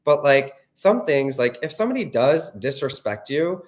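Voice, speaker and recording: Speaking at normal speed in a fairly high, sing-song voice, a man gives a motivational talk straight to camera as a relationship coach. He's blunt, profane and emphatic, frequently checking in with "okay?".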